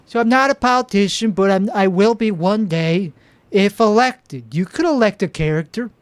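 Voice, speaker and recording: Playing a vain and oblivious aspiring politician, this comedy host talks at a moderate pace in a high, smooth voice close to his everyday one. Two microphones catch him without echo as he boasts, wanders off topic, and stumbles whenever he starts over.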